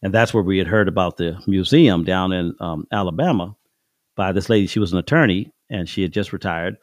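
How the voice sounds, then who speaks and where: Middle-aged man, low-ish voice, dry close sound; folksy, chuckling storyteller in a casual chat. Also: a little fast, no room sound. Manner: folksy, chuckling, acts out voices in his anecdotes. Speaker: father telling life stories on his son's podcast.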